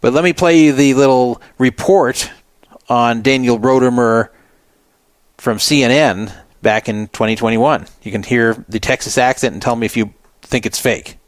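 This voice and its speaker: A man's voice: mid-range voice, normal speed, no room sound. A man hosting a radio show, giving rambling, conversational commentary on the news. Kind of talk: casual commentary.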